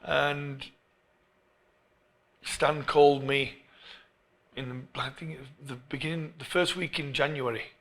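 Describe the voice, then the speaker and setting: Gravelly English man telling stories. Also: on the high side, measured pace, long pauses. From England. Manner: animated, restarts phrases often. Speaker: guest, football coach. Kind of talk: storytelling interview.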